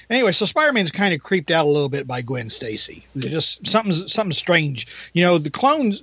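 High-voiced rambling male podcaster. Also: a bit bright, husky, dull audio. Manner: rambling, laughing, acts out quotes. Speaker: podcast co-host. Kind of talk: casual comic review chat.

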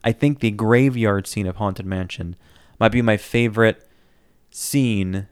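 A man co-hosting a podcast in casual chat, relaxed and rambling with fillers and restarts. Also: lowish voice, unhurried, clear, resonant tone, dry recording, studio quality. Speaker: podcast co-host.

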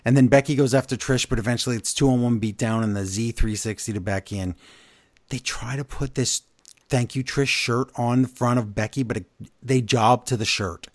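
A man co-hosting a podcast, recapping events in casual chat, animated and blunt with his opinions. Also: medium pitch, brisk, no echo. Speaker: podcast co-host.

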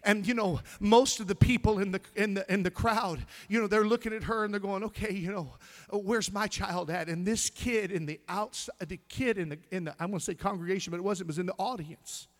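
A middle-aged preacher with a notably high voice delivers his sermon with fervor. He sings lines of a song, laughs along with his congregation and calls back to them. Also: fairly quick, hardly any pauses. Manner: loud, preachy call-and-response with singing and laughter. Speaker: pastor.

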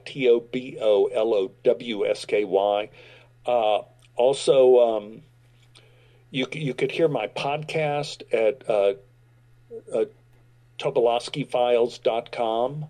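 A middle-aged man, a guest actor, telling a lively anecdote and acting out the quotes of the people in it. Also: mid-range voice, unhurried, poor audio. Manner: animated storyteller acting out quotes. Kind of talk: storytelling anecdote.

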